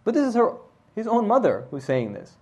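A man teaching a religious lesson, retelling the story in a casual, conversational way and often checking in with listeners with a quick "right?". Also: high-pitched, huge pitch swings, warm tone, husky.

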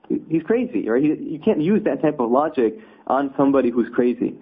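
A man's voice: on the high side, a little fast, breathy edge. A man teaching a conversational religious lesson, explaining with rhetorical asides. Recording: tinny phone-like audio.

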